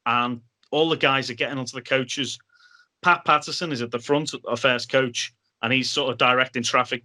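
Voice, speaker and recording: This podcast guest, from Liverpool, England, has a bright, mid-range voice and talks at a moderate pace. He relates casual anecdotes in a lively way, acting out lines spoken by others.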